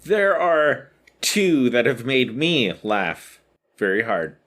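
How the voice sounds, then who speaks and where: A man co-hosting a relaxed podcast, telling jokes and chatting over a webcam link. His voice sits in a middle pitch but moves a lot, rising and falling as he talks. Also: slow pace. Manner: animated joke-telling with voices for characters. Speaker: podcast co-host. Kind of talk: casual chat, telling jokes. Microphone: webcam call.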